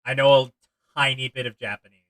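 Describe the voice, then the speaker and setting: Bright, excitable male streamer. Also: mid-range voice, brisk, dry recording, poor audio. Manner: excitable, rambling, talks to chat, swears. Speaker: game streamer. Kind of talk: casual live-stream chat with viewers.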